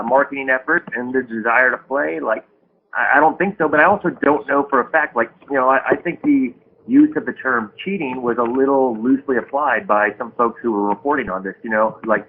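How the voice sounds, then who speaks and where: Male panel guest, hesitant, lots of fillers, faint hiss on a phone line. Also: medium pitch. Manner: hesitant, full of "you know" and restarts. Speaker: poker media guest. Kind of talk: casual panel talk.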